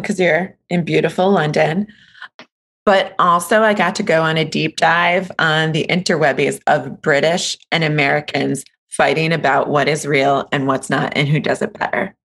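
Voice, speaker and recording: Gravelly low-voiced woman podcast host. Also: steady tone, a bit bright. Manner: chatty, playful, quick to laugh. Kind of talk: casual podcast chat.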